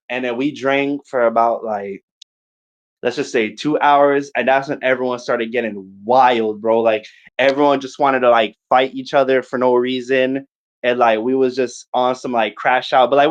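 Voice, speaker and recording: A young man in casual podcast chat, telling a long party story in an animated, profane way and acting out his friends' lines in quick bursts. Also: mid-range voice, lo-fi sound.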